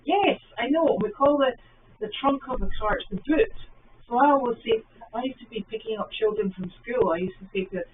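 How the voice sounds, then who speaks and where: A woman's voice: a little high, fairly quick, slight background noise. A middle-aged Scottish woman hosting a livestream, telling rambling anecdotes and answering viewers' comments in casual chat. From Scotland. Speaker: livestream host. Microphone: phone livestream. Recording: phone-like sound from a distance.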